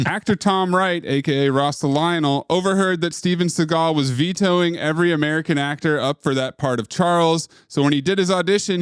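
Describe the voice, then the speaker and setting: A man's voice: on the high side, clear, resonant tone, no room sound, clean studio sound. A man hosting a casual film podcast, reading trivia notes and chatting with friends. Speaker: podcast host.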